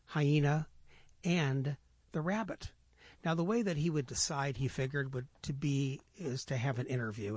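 An older man telling a folk tale as a guest storyteller, playful and animated, acting out the animal voices. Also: medium pitch, no room sound.

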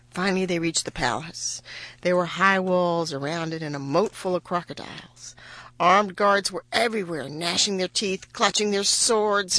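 A storyteller reading a fairy tale aloud, expressive and slowing down for the dramatic moments. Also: medium pitch, dry recording, poor audio. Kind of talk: scripted storybook narration.

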